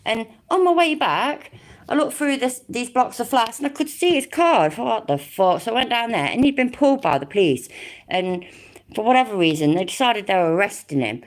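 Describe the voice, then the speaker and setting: A woman's voice: on the high side, big pitch swings, fairly quick. A woman giving casual reaction commentary on a video, sarcastic and mocking, swearing freely.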